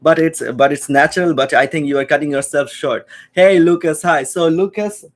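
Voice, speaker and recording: Male streamer host, slightly high pitch, patient and chatty, occasional cough. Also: steady tone, moderate pace. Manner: explains patiently, many restarts. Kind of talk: casual chat on a livestream.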